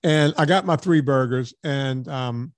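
A man hosts a podcast in a mid-range voice, going a little slow as he tells a casual story. He acts out the dialogue with animation and swears now and then, and there's no room sound.

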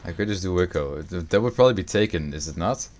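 A young man livestreaming a video game, chatting with viewers, swearing and reacting loudly to the game. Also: low-pitched, animated, fast talker, a little hiss or hum. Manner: profane, reacts loudly to the game, answers chat. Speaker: streamer. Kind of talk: casual gaming livestream chat.

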